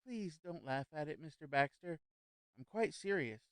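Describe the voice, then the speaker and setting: A man's voice: on the high side, expressive, moderate pace, no room sound, natural voice. A man voicing an anxious, fussy society lady who hesitates and stumbles over her words. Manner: nervous, hesitant, stammering repeats.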